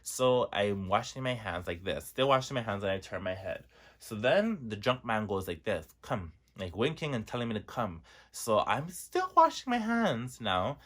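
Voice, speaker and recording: A man in his twenties from Toronto, telling a dramatic storytime on his vlog. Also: moderate pace. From Toronto, Canada. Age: 20s. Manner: animated, dramatic storyteller with big pitch swings. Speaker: vlogger.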